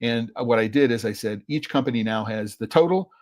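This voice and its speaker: A man's voice: medium pitch, brisk, darkish tone. A man hosting a solo podcast, thinking aloud in a rambling, exasperated way with lots of fillers. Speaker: podcast host. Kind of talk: casual solo podcast commentary.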